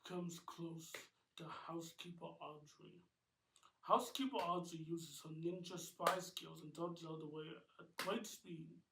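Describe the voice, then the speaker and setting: A man narrating a homemade cartoon, reading aloud haltingly with restarts. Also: fairly high pitch, steady tone, gravelly, pushed and bright. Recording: echoey room, distant mic, noisy.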